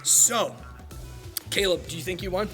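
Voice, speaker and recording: Male stream host, very high pitch, sharp bright tone, upbeat and playful. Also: a little slow, faint music behind. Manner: energetic, playful, sing-song. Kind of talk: livestream game show hosting.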